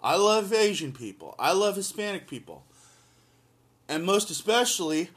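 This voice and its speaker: A man's voice: high voice, sing-song, moderate pace, a bit bright, breathy edge. Emphatic man giving political commentary. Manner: emphatic, blunt, repeats lines for force. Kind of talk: impassioned solo commentary, reading an article aloud.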